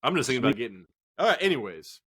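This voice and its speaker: A man co-hosting a casual fantasy football chat, profane, excitable and rambling. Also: mid-range voice, racing, slightly rough. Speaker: fantasy football podcast co-host.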